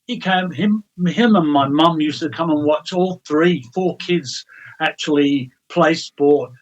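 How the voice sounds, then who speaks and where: A man speaks as a guest on a football talk show, his voice slightly high. He sounds blunt and exasperated. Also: slow, dull audio. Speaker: guest pundit. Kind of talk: casual sports radio chat.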